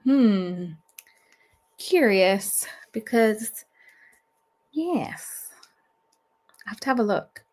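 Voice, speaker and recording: A woman's voice: mid-range voice, takes it slowly. Young woman, host of a book stream, loose rambling chat with fillers and little laughs. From Australia. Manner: rambling, chatty, with many fillers and soft laughs. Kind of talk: casual livestream chat.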